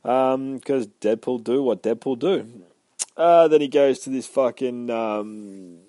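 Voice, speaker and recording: A man's voice: medium pitch, takes it slowly, dark tone, no echo, studio quality. A man casually recapping a comic book, swearing a lot and rambling with many fillers. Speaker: podcast host.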